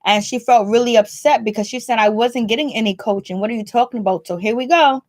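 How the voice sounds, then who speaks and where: A woman's voice: on the high side, fast. A woman hosting a casual video commentary, chatting straight to her viewers with plenty of fillers. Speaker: vlogger host.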